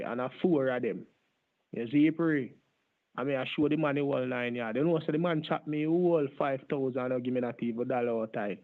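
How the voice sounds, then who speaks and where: A man's voice: medium pitch, natural voice. A man playing a boastful Jamaican street hustler in thick put-on patois, rambling on with "brother" and "my father", heard over a tinny phone line. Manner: rambling, long-winded, repeats "my father" and "brother". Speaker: scambaiter.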